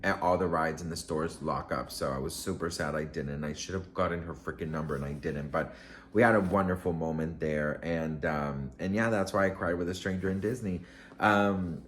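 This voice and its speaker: A man's voice: low voice, moderate pace, a bit bright. A man vlogger telling a story to camera in a casual, gushing, emotional way, rambling with many fillers.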